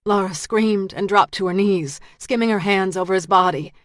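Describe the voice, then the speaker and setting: A woman narrating an audiobook thriller in a measured, tense manner. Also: mid-range voice, no echo, clean studio sound. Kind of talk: scripted narration.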